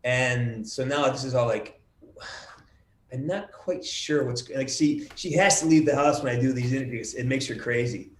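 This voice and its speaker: Middle-aged man, video call guest, animated storyteller, roomy echoey sound. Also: medium pitch, normal speed. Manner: animated storyteller, acts out quotes with swearing. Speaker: voice actor guest. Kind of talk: casual video call interview.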